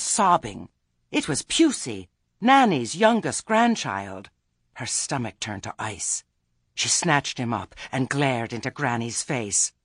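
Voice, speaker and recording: A man narrating a comic fantasy story with a wry, expressive reading. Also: medium pitch, no echo. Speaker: audiobook narrator.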